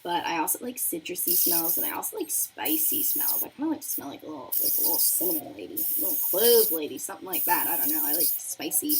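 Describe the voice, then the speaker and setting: Chatty young female beauty streamer, very animated delivery, faint apartment noise in the background. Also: low-pitched, fast talker, few pauses. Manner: bubbly, chatty, reads viewer messages aloud. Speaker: beauty livestream host. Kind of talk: casual chat while doing makeup. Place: apartment room with a noisy radiator. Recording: faint room noise from radiator. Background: faint radiator hiss.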